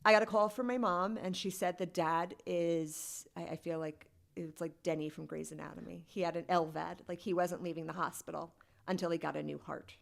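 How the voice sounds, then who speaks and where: A woman guest on a podcast tells a personal story in a candid, casual, conversational way, saying "like" a lot. Her somewhat low voice has a gravelly, creaky fry, and she speaks briskly with fairly even intonation.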